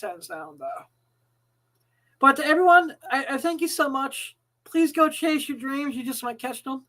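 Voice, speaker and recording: Woman co-host, high-pitched, rambling casual chat, foul-mouthed. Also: measured pace, a bit bright, poor audio. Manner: chatty, stumbling restarts, swears casually. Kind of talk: casual live chat show.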